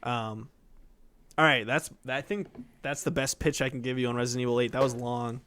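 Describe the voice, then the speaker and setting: In a brisk, casual podcast conversation, a young man co-hosts with a fairly bright, mid-range voice and fairly even intonation. His talk meanders with heavy filler use, swearing, and goofy character voices.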